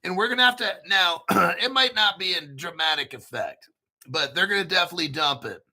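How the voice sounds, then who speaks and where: A man hosting his own channel in a casual monologue, emphatic and repetitive, rambling and swearing, often clearing his throat. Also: sits high, brisk, sharp tone. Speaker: crypto channel host.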